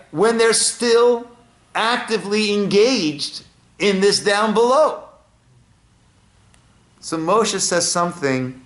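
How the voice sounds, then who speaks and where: A man's voice: high-pitched, roomy sound. A male rabbi giving a Torah class, quoting Hebrew and asking his listeners questions. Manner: lively teaching with rhetorical questions and Hebrew quotes. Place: synagogue.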